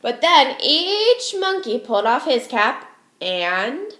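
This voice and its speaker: A woman teacher reading a storybook aloud to young children, expressive and slow, asking her listeners questions. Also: sits high. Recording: echoey room.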